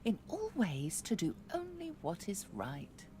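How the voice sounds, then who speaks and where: A woman's voice: medium pitch, wildly swooping pitch, measured pace, warm tone, slight background noise. A woman voicing a dry, teasing adult sorceress in a video game, over game music. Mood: wry. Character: wry, mocking female sorceress, adult. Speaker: game character.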